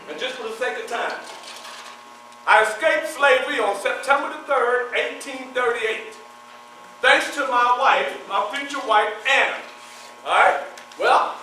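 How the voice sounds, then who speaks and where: A man with a very high, ringing voice tells a dramatic first-person story to a live audience, firing questions at the crowd and answering them himself. He sounds far from the mic in a very echoey hall. A faint mains hum sits under his voice. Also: bright, forceful tone. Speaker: historical reenactor performing in character.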